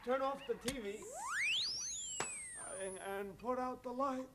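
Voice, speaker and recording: A woman's voice: sits high, measured pace, noisy background. A woman playing a sleepy, put-upon married man who mutters complaints to himself and slips into Spanish. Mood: grumbling. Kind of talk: sitcom sketch acting.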